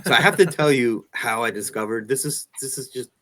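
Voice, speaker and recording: A man's voice: mid-range voice, expressive, fairly quick, pushed and bright. Man, interviewer, casual chat, laughs often, joking. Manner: laughs often, loose and chatty.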